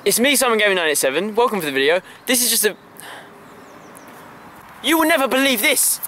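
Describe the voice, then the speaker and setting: Very high, bright-voiced young man ranting. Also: very animated, fairly quick, a little hiss or hum. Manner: repetitive stammering rant with shouted bursts. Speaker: channel host. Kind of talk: comic ranting vlog. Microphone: camera held by a friend.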